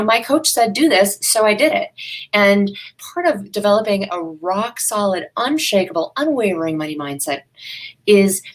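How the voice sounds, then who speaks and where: Over poor-quality audio, a woman speaks at a medium pitch. As a business coach guesting on a live web interview, she is emphatic and sincere, telling frank stories at her own expense and repeating phrases to drive points home.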